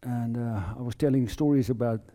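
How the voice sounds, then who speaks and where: A South African man shares a faith testimony in a deep, very mellow tone. He speaks earnestly and haltingly, often repeating words as he feels his way through the story. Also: steady tone. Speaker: lay preacher giving testimony. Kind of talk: personal testimony in a sermon.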